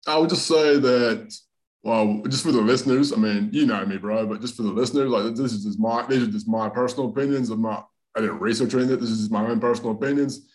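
A man's voice: mid-range voice, poor audio. A man, a comedian guest on a podcast, chatting casually and rambling, tagging "man" and "bro" onto his sentences. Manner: rambling, laid-back, says "man" and "bro" often. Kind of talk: casual chat.

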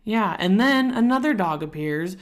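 A woman's voice: mid-range voice, animated, normal speed. A woman co-hosting a podcast in casual chat, telling rambling stories and acting out other people's lines. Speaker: podcast co-host.

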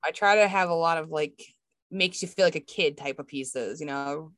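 A young woman with a Boston accent talks in a relaxed, chatty way about her craft, often breaking into laughter. Her voice sits on the low side for a woman. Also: normal speed, dry recording. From Massachusetts. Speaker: woodworking artist. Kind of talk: casual video call chat.

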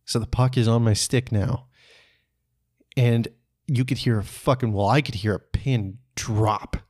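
A man from Canada telling a personal story on his podcast in a relaxed, conversational way, chuckling often and swearing casually. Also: medium pitch, unhurried. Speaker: podcast host.

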